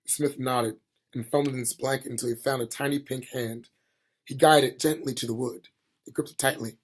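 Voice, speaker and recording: A man reading a fantasy novel aloud in an amateur audiobook reading, steady and plain with small slips. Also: mid-range voice, brisk, husky. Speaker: reader.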